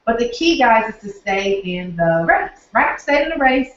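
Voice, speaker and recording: A woman's voice: on the high side, very animated, moderate pace, slight background noise. A woman with a Southern accent, hosting a live online training and signing off to viewers in an upbeat, folksy way from her office. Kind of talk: live webinar sign-off. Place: office, alone. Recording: very echoey, distant, dull lo-fi.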